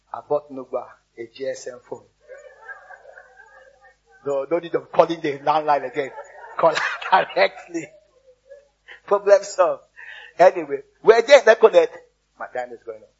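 A man's voice: a little high, breathy edge, dull audio. A man preaching a sermon as a pastor, telling stories and repeating words for emphasis. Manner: storytelling, repeats words for emphasis, exhorts the congregation.

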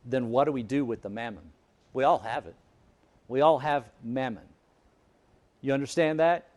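A man's voice: medium pitch, moderate pace. A middle-aged man preaching a sermon as pastor, telling stories and joking with the congregation. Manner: anecdotal, animated, jokes with the congregation.

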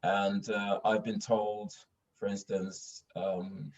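A young adult man from northern England, a voice actor with a well-spoken English accent, tells stories in a casual interview full of fillers and restarts. His voice sits fairly low, with a level, slightly mellow tone and a slow pace. The mic sounds dull and distant.

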